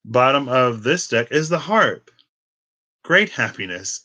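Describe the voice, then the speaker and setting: A man's voice: mid-range voice, lively intonation, measured pace, pushed and bright, poor audio. A man in his twenties giving a casual tarot reading, chatty and rambling off into tangents. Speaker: tarot reader.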